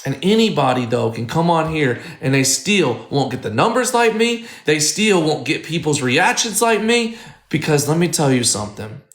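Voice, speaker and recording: A man's voice: a little high, sing-song, moderate pace. Fired-up man ranting to his stream chat. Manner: profane, heated ranting, repeating himself. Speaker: livestreamer addressing chat. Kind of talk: live stream rant. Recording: echoey room.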